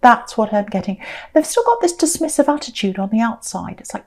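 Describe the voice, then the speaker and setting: A woman's voice: fairly high pitch, sing-song, brisk, gravelly, a little mellow. A woman giving an intuitive tarot reading, earnest and repeating her phrases for emphasis. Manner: acts out quoted people in a mocking voice. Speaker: tarot reader.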